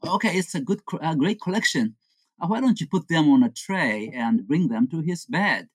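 A woman's voice: lively intonation, slightly rough, dry recording. A woman voicing scheming young male friends who plot a prank. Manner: conspiratorial, low and deliberate. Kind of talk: comic storytelling.

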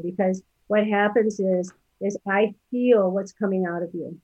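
A woman's voice: medium pitch, fairly even intonation, a little slow, no room sound. Chatty woman in her fifties, dull recording. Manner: chatty, rambling, many fillers and restarts. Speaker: podcast guest. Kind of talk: casual storytelling interview.

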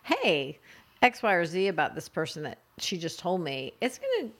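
A middle-aged woman co-hosting a casual faith podcast, reflective and quick to affirm the others. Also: fairly low pitch, wildly swooping pitch, a bit bright. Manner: frequent affirming interjections, reflective. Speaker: podcast co-host.

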